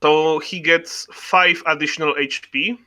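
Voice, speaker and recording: A young man with a fairly high, very bright voice talks through his move in a tabletop game. He sounds flustered and keeps repeating himself. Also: steady tone, unhurried. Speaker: player. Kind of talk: casual tabletop game chat.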